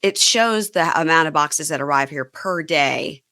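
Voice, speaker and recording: A woman's voice: sits low, a little slow, pushed and bright. A middle-aged woman hosting a podcast, chatty and wry as she recaps a show. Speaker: podcast host. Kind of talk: casual chat.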